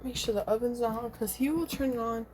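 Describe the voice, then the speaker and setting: A woman's voice: a little high, quick pace, darkish tone. A young woman venting bluntly in a candid home vlog, frustrated and swearing freely. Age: young adult. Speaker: vlogger. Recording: noticeable background noise.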